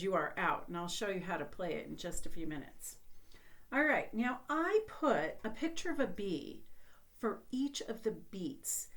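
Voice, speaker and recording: A woman teaching a children's music lesson, speaking slowly and patiently in a sing-song way for young learners. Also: medium pitch, slight background noise.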